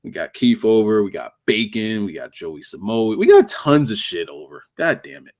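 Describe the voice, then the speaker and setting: A man talking loosely on his own livestream, reviewing a wrestling show. His pitch jumps around a lot as he rants, swears and cracks himself up. It sounds like off-the-cuff chat with his viewers. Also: normal speed. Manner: animated, profane, laughing, joking with chat.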